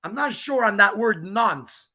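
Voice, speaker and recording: A man's voice: high voice, animated, a little slow, a crowd in the background. A man hosting a livestream outdoors, ranting and mocking a rival with profane jokes and laughter. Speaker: livestream host. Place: outdoors on a walk in the rain.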